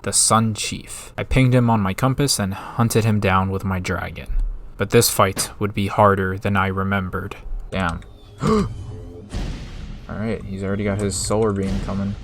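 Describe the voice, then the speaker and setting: Low-voiced man narrating his gameplay. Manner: upbeat recap narration broken by excited outbursts. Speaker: gaming video creator. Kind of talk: casual gameplay narration with live reactions.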